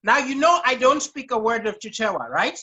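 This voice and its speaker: A man's voice: very high voice, sing-song, fairly quick, sharp tone, muffled recording, slight background noise. A man from Malawi chatting as a comedy guest, telling emphatic stories. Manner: storytelling, emphatic. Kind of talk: comedic chat.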